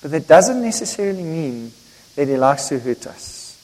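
An older man preaching a sermon to his congregation, emphatic and joking, swinging between loud and hushed delivery. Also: on the high side, very animated, moderate pace. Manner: jokes and talks directly to the congregation. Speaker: pastor. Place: church hall. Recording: reverberant church hall.

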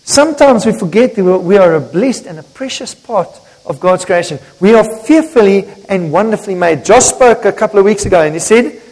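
An older man preaching a sermon to his congregation, emphatic and joking, swinging between loud and hushed delivery. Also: high voice, expressive, a little fast, hardly any pauses. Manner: jokes and talks directly to the congregation. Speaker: pastor. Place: church hall. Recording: reverberant church hall.

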